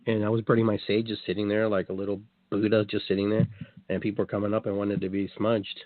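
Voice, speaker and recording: Guy hosting a chatty show, animated storyteller, cusses a bit, sounds like a thin dry phone call. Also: on the low side, fast, dry recording. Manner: animated, acts out quotes, swears. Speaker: show host telling a story. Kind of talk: casual storytelling chat. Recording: dry tinny phone-like line.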